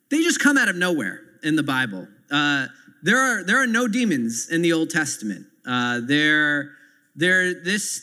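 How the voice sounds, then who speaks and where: A man's voice: on the high side, pushed and bright. A man preaching a sermon as pastor, earnestly explaining scripture and stopping to add asides to his listeners. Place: church sanctuary. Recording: long hall reverb.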